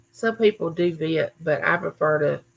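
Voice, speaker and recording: Reading comments aloud and replying to viewers by name, a livestream host chats casually from her home recording room. She has a deep, gravelly voice, captured on a low-quality recording.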